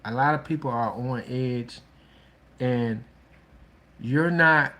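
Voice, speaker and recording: A man talks about relationships in a slow, unhurried drawl, stopping and restarting his sentences as he goes. His pitch is mid-range and his advice sounds frank and casual. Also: sharp tone. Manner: slow, halting, with many restarts and "you know". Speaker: relationship talk host.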